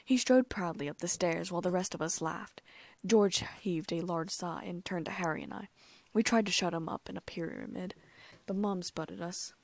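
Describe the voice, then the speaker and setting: A woman narrating a first-person fan fiction audiobook in a lively, amused way, close to the mic. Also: on the low side, normal speed, vocal fry, no room sound.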